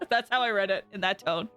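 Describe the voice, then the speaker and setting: A young woman streaming a game, reacting in an excitable, giggly way and wandering off on tangents. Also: medium pitch, normal speed, faint music behind. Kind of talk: casual game commentary.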